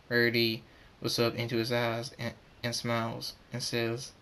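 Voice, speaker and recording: A man reading a fan story aloud, halting and repeating words as he goes. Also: medium pitch, monotone, bright, forceful tone, slight background noise.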